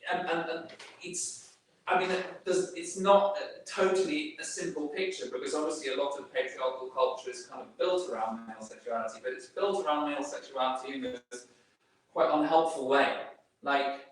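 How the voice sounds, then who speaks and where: A man's voice: a little high, steady tone, normal speed. A man giving an informal talk to a group, rambling through many fillers and restarts. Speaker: speaker giving a workplace talk. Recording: very echoey room, speaker far from mic.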